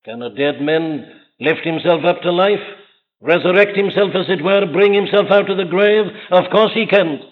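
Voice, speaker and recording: A preacher delivers an impassioned sermon, his high voice swinging between fervent peaks and quiet intensity. The sound is dull and lo-fi, an old archival recording made in a large church. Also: moderate pace. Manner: impassioned, rising and falling emphasis.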